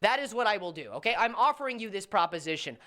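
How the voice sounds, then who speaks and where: A woman's voice: mid-range voice, expressive, quick pace, a bit bright. A woman making a call-out video, lecturing and confrontational toward another creator.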